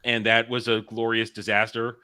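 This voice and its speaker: A man with a bright, mid-pitched voice sits on a podcast panel in casual chat. He tells stories in an animated way and laughs often. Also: normal speed, clean tone.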